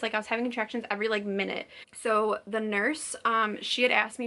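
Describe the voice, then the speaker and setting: A woman's voice: mid-range voice, level tone, fairly quick, vocal fry, few pauses, sharp tone. A young woman vlogger telling a story casually to camera, chatty and full of "like," acting out what people said. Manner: chatty, says "like" constantly, acts out quotes.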